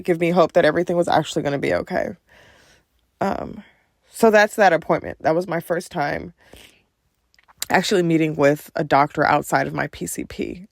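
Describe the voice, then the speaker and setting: A young woman with a low, gravelly voice tells a personal story on her podcast in a chatty way, talking straight to her listeners. The sound is dry and close, with no room around it. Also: dry recording. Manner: chatty, addresses listeners as "you guys", gets emotional. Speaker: podcast host.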